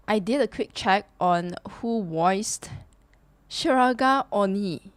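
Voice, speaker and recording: A woman youtuber reacting live to a game trailer, excitable and gushing, with gasps and exclamations. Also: mid-range voice, slow pace, no echo.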